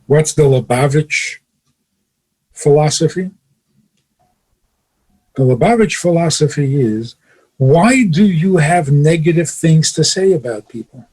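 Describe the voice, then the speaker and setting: Husky, higher-pitched man teaching, chuckling. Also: lively intonation, takes it slowly, pauses often, dark tone. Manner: chuckles often, emphatic rhetorical questions. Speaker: rabbi and radio show host. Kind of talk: teaching talk on a radio show.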